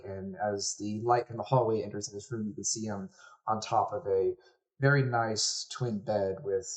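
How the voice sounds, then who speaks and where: A man narrating a tabletop role-playing game as game master, describing scenes calmly. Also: lowish voice.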